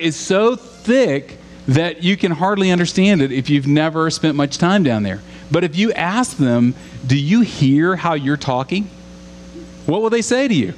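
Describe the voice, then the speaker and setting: A man from Louisiana delivers a sermon with a slightly raised pitch, posing questions to his listeners and building through insistent repetition. His voice carries a long reverb from the hall around him, with a faint hum underneath. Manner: earnest, rising to emphatic repetition, asks the congregation questions. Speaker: preacher.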